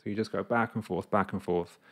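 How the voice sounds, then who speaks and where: A man's voice: deep voice, steady tone, fairly quick, a bit bright. A man talking casually to camera as a coach, explaining an idea through his own examples and acting out his inner voices. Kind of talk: casual reflective monologue to camera.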